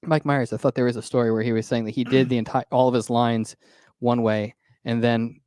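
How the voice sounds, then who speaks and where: A man co-hosting a casual podcast chat, speaking haltingly as he searches for words and chimes in. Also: mid-range voice, level tone, a little mellow, clear, resonant tone, no room sound, studio quality. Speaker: podcast co-host.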